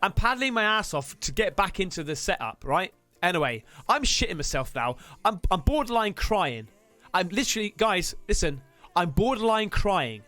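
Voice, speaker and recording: A man streamer telling a story to his viewers in an excitable way, swearing freely and talking straight to the audience. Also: high-pitched, moderate pace, no room sound, faint music behind. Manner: excitable, swears a lot, addresses viewers directly. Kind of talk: animated storytelling to a live stream.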